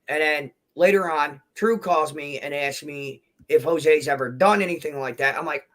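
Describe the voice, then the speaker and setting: A man with a fairly high, bright voice speaks as a guest on a livestream panel. He answers defensively and emotionally, rambling and restarting his sentences. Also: unhurried. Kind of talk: heated livestream argument.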